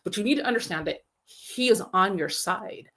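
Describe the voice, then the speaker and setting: A woman's voice: medium pitch, expressive, moderate pace, fairly bright tone. A woman quoting an irritated young mother who firmly lectures her at the door. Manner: firm, lecturing.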